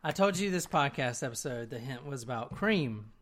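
A man's voice: mid-range voice, animated, a crowd in the background. A man telling the story on a casual podcast, joking and teasing his co-hosts. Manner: joking, teasing, quick to protest. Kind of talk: casual chat.

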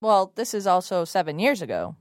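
A woman co-hosting a podcast who drops wry, deadpan remarks. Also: on the low side, brisk, no room sound, studio quality. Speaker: podcast co-host.

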